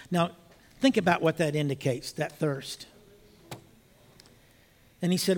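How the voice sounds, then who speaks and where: An older man preaching a sermon, telling a story in a hushed voice and rising to emphatic appeals. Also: a little high, a little slow, long pauses. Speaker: pastor.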